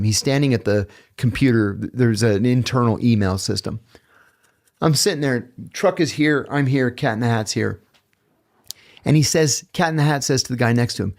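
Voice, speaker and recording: Man spinning blunt stories on a podcast, animated, mid pitch. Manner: animated, blunt, profane storyteller. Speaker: guest, author. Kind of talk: casual storytelling in a podcast chat.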